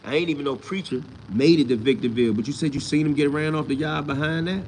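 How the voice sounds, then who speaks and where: A man's voice: on the high side, quick pace, darkish tone, slight background noise. A man hosting his own channel, answering live chat in a casual, blunt and profane way, often mocking the commenters. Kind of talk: casual livestream talk.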